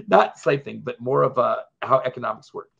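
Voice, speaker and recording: A man's voice: medium pitch, lively intonation, normal speed, creaky, a bit bright, husky. A man co-hosting a podcast in casual chat, rambling from point to point and laughing often. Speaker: podcast co-host. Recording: dull lo-fi sound.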